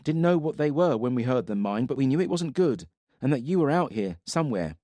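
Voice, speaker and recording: A man's voice: mid-range voice, big pitch swings, a little fast, mellow, dry recording, clean studio sound, pitched above the performer's own voice, close to an everyday voice. A man doing a folksy warrior companion, lifted voice. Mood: relieved. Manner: chatty, folksy. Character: plain-spoken male warrior companion.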